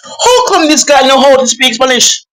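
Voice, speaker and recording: A man in a casual football chat, ranting in an animated, exasperated way with non-native grammar. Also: very high-pitched, normal speed, poor audio.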